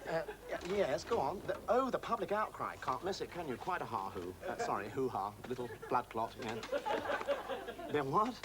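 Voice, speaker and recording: Guy doing a manic cheeky impostor, clowning for the crowd, middle pitch, heavy noise behind. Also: very animated, lightly acted. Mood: mock-polite bluster. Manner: impish, quick-changing, clowning, playing to the audience. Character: manic mischievous male impostor, adult, restless and cheeky. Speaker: stage actor. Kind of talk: stage comedy acting.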